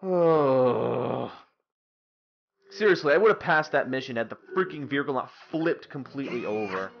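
Animated young man ranting over a game. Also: medium pitch, normal speed, vocal fry, lo-fi sound. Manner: ranting, profane, exasperated. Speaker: gameplay commentator. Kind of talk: let's-play commentary.

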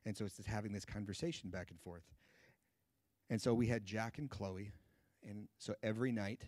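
Preacher in his 30s, low voice, lively storytelling, dry sound. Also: normal speed, no room sound. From United States. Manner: lively storyteller acting out dialogue. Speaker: guest Bible teacher. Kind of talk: sermon storytelling.

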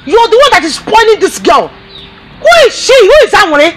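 An actress with a Nigerian accent playing an angry, demanding grown daughter in a family film drama. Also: female voice, very high-pitched, big pitch swings, very noisy. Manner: angry, demanding, rapid questions. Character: hot-tempered grown daughter, indignant. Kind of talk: film acting.

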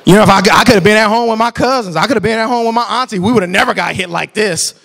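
A man teaching a church marriage class, preaching in an animated, colloquial way that bursts into shouts. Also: high-pitched, racing, creaky.

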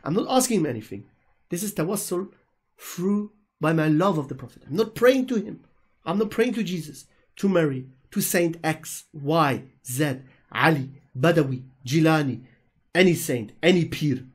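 A man's voice: fairly high pitch, lively intonation, moderate pace, husky. A man on an online voice call answering questions in a religious argument, talking in an emphatic, preachy way and repeating himself for stress. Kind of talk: religious polemic in a Q&A.

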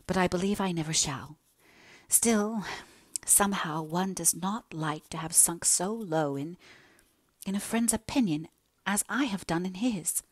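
A woman's voice: on the low side, unhurried, dry recording. A woman voicing a remorseful young heroine. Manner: emotional, pleading confession. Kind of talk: audiobook character reading.

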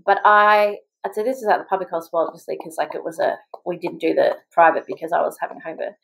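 A woman's voice: lowish voice, gravelly, a bit bright, a little hiss or hum, poor audio. A young Australian woman, a mother, chatting as a podcast guest and telling her story with lots of "like" and quoted voices. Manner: chatty, quick, full of "like" and acted-out quotes. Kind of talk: casual storytelling in an interview.

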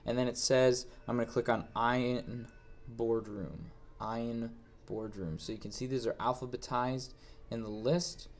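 A man with an ordinary mid-pitched voice narrates a screen-recorded software tutorial. He reads out each step and then talks it through in a plain way, thinking aloud as he goes. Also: a little slow, a little hiss or hum. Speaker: instructor.

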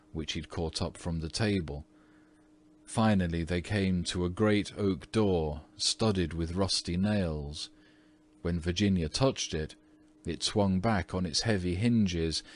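A man reading a classic novella aloud as an audiobook narrator, in measured storytelling. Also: low voice. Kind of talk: scripted narration.

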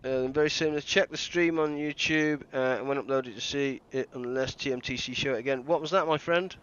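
A man's voice: mid-range voice, fairly even intonation, fairly quick, a bit bright, smooth, highs cut off. A man doing live commentary on a game he is playing, thinking aloud and joking at his own mistakes. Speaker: game streamer.

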